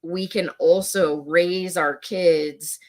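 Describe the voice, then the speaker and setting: Low-voiced woman chatting as podcast guest. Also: slow pace. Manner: conversational, filler-heavy, animated when quoting her son. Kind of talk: casual conversation.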